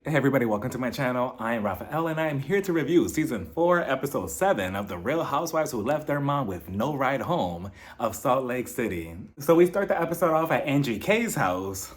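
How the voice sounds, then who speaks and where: A man casually reviewing a reality show on his channel, animated and joking with frequent laughs. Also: mid-range voice, a little fast, few pauses, faint music behind. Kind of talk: casual commentary.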